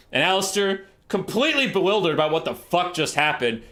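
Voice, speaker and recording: A man's voice: high-pitched, sing-song, a little fast, a bit bright. A man streaming a strategy game, telling a rambling, sweary comic story as he plays.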